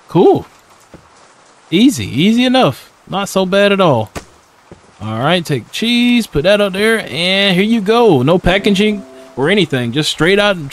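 A young man casually commenting on a horror game as he plays, slangy and laughing often, talking back to the characters. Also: fairly high pitch. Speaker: gaming YouTuber. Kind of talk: casual let's-play commentary.

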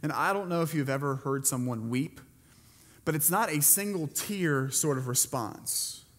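A man's voice: on the high side, a little slow, fairly bright tone, in a large hall. A male pastor giving a sermon, retelling a Bible story in a conversational way and putting questions to the congregation. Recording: preached to a church congregation.

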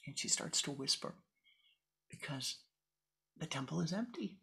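Slow, hushed woman spiritual teacher. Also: low voice, expressive, creaky. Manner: slow, hushed, frequently whispering. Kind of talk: guided meditation storytelling.

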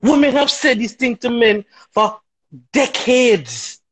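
High-voiced husky man, emphatic. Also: expressive, slow, a bit bright, low-quality recording. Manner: emphatic, rhetorical, keeps asking "right?". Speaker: talk show guest. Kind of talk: opinionated talk show discussion.

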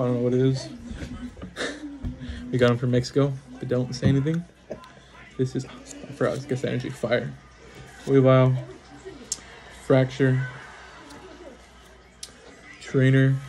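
A man talking casually at home while he opens card packs. He rattles off card names in quick succession and breaks in with short, excited reactions. His voice sits at an ordinary middle pitch for a man. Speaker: card-opening channel host. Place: at home at a small table.

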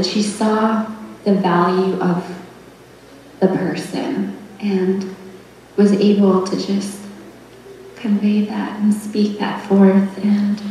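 A woman gives a memorial tribute about her late mother, laughing softly and stopping often to find her words. Her voice carries from a distance through a large room with a long, ringing echo. Her pitch sits in the middle of the range and her pace is slow. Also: a little hiss or hum. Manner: warm, laughing, halting with fillers. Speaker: eulogy speaker. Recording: echoey hall from far off.

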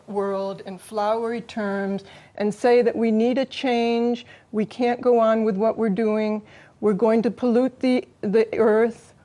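A woman speaking as a studio interview guest, with a mellow, fairly high voice. She explains earnestly and at speed.

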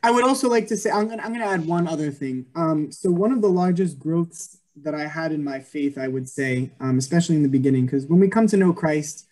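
A man's voice: fairly high pitch, brisk, few pauses, darkish tone. Earnest young man giving a testimony. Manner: earnest, many ums and likes. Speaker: guest speaker. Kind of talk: Christian testimony over a video call. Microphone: video call.

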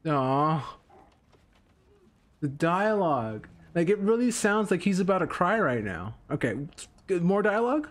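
A man streaming a video game, rambling through casual commentary, swearing and getting excited. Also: high voice, a little slow.

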